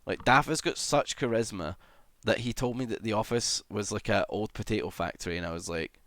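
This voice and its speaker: A man's voice: on the low side, brisk, a bit bright, no room sound. A young adult man livestreaming and chatting casually, rambling and self-deprecating, swearing often and humming idly between thoughts. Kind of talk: casual live-stream chat.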